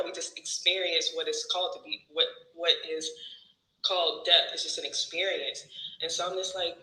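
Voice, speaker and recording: Man, group participant; casual and hesitant, restarts often; slightly high, very bright tone. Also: steady tone, brisk, echoey room, low-quality recording. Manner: hesitant, many restarts and fillers. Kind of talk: casual chat.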